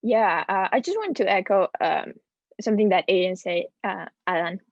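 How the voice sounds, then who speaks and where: A woman's voice: medium pitch, sing-song, normal speed, dry recording. A young woman with a Spanish accent, a student panelist giving earnest, encouraging advice. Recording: dull, muffled dry sound.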